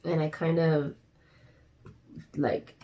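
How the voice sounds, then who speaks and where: Woman, young adult, craft vlogger, rambling rant, gravelly fry, mellow tone. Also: deep voice, little pitch movement, drawn-out words. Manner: rambling and ranty, many fillers. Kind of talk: casual chat while diamond painting.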